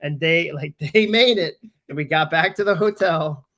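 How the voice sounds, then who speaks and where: Chatty man in his forties, fairly high voice. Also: normal speed. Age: 40s. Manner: animated, rambling, many "like" fillers. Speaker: host. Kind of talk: casual storytelling on a live webinar.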